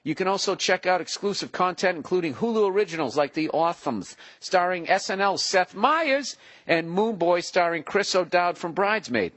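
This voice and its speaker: A man's voice: high-pitched, expressive, moderate pace, fairly bright tone, no room sound. A man hosting a podcast, joking in profane, punch-drunk banter with a friend on tour and reading ads casually. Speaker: podcast host. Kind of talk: casual chat and ad reads. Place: touring on the road.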